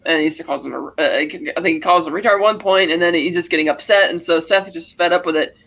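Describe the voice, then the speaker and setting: A man with a slightly high, gravelly voice and a sharp tone talks fast while co-hosting a podcast, and the recording sounds muffled. In a casual chat, he recaps a movie scene by scene, acting out the characters' lines as he goes.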